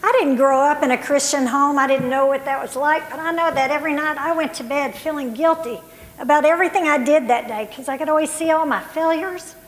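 High-voiced woman giving a halting testimony. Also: in a large hall, low-quality recording. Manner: halting, with fillers. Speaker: pastor's wife. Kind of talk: personal testimony.

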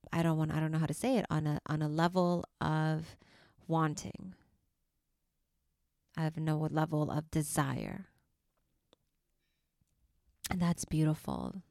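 A woman hosting a spiritual podcast for mothers, speaking softly and affectionately and sometimes dropping to a whisper. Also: sits low, smooth, dry recording, clean studio sound. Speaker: podcast host and life coach. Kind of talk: slow, soothing spiritual podcast talk.

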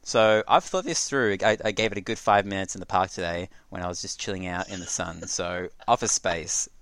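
A man's voice: low voice, fairly quick, fairly bright tone, clear, resonant tone, dry recording. A man co-hosting a podcast in casual chat, teasing and joking, swearing now and then. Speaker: podcast co-host.

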